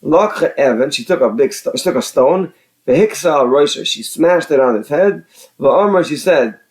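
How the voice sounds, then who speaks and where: A man's voice: a little high, expressive, normal speed, darkish tone. A man teaching a religious text, reading out Hebrew phrases and translating each into casual English, often repeating words and restarting. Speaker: Torah teacher.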